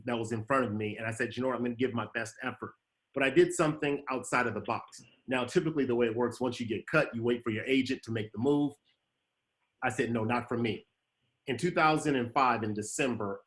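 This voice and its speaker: A man's voice: mid-range voice, poor audio. A man hosting a talk in his thirties, telling a personal story about failure and acting out the voices in it. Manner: animated storyteller, acts out quotes, laughs often. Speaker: host.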